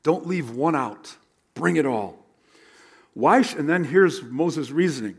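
A man preaching a sermon as a pastor, animated and conversational, sometimes dropping to a hush. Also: on the high side, a little slow, slightly rough.

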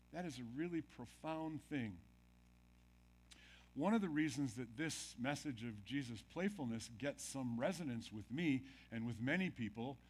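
A man preaching a sermon as a pastor, dropping to hushed tones and then building loud, and asking the congregation questions. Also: fairly high pitch. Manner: dramatic, drops to near-whispers then builds loud.

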